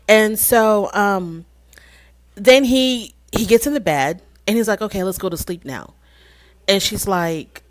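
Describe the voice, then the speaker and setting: A chatty woman with a slightly low voice recaps a reality show in a relaxed, conversational way, slipping into quick impressions of the people she quotes. Her voice is close and dry, with no room sound around it. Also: no room sound. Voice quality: frequent fillers and restarts, rhetorical questions. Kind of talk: casual commentary recap.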